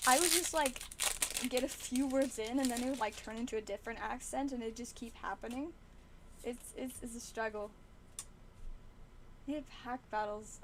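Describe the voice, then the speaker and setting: A woman with a notably high voice hosts a relaxed livestream, chatting to viewers as she goes. She rambles freely, leaning on filler words and poking fun at herself. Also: a little hiss or hum. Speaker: card-opening livestream host. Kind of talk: casual live-stream chat.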